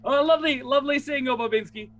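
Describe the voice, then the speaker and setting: A man's voice: very high voice, fast talker, a bit bright, pitched above the performer's own voice. A man voicing Alexei, a sly male Russian gambler, with a put-on Russian accent. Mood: smug.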